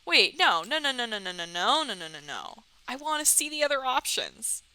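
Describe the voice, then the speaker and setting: A young woman commentating on a dating game she is playing, giggly, sarcastic and expressive. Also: fairly high pitch, moderate pace, no echo, rough recording. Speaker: let's-play host. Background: faint music.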